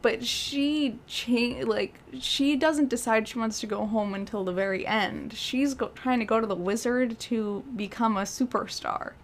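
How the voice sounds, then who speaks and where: A woman co-hosting a movie recap podcast, speaking in an unhurried, drawn-out way with a wry, amused tone. Her voice is a bit higher than most women's. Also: a little hiss or hum. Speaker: podcast co-host. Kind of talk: casual movie recap chat.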